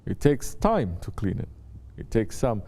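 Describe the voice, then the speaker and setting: As their Sufi teacher, a man gives a spiritual talk to his students at a measured pace, in a lowish, dark voice with big pitch swings. He repeats his points and often checks in with the room through short rhetorical questions.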